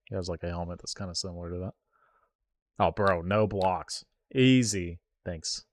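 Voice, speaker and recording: A man streaming himself playing an online card game, reacting out loud with yelps and groans and talking to his viewers. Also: low voice, moderate pace, no room sound. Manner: excitable, groans and yelps at the game, talks to chat. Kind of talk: live gameplay commentary.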